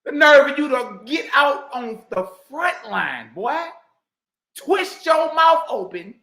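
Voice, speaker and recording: A man giving heated, mocking reaction commentary, repeating himself and bursting into shouts. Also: high-pitched, big pitch swings, unhurried. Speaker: online commentator. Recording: roomy echo.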